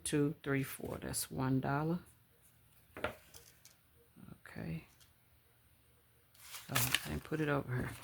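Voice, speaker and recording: A woman chatting casually to her viewers at home, calling them y'all and counting out loud as she goes. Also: low voice, vocal fry, very noisy. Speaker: budgeting vlogger. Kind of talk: casual chat to camera. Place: home room. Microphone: camera on a stand.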